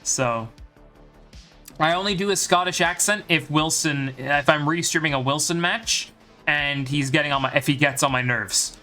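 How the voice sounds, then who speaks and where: Man, light irish accent, high-pitched, bright tone, joking, chatty, live game commentary, streaming mic, faint music behind. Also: moderate pace. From Ireland.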